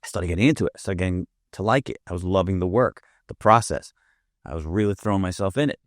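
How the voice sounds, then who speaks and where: Man, guest storyteller, vivid and profane, lowish voice, dry close mic. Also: fast talker, no room sound. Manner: vivid anecdote teller, profane. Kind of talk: casual storytelling.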